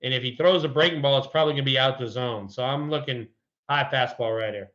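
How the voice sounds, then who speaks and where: A man's voice: mid-range voice, fast, fairly bright tone, muffled recording. A middle-aged man, a former pro baseball player, chatting casually and telling colorful, profane anecdotes. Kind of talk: casual sports chat and storytelling.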